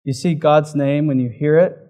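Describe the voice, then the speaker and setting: A man preaching a sermon in a relaxed, conversational way, with frequent fillers like "like". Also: a little high, moderate pace. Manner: conversational, uses many fillers. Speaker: pastor.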